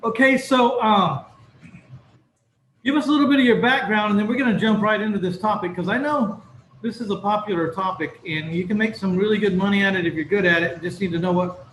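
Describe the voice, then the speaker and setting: High-voiced podcast host in a roomy space. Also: male voice, a little fast, fairly bright tone. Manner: rambling, filler-heavy, self-correcting. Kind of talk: casual interview chat. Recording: roomy with faint background noise.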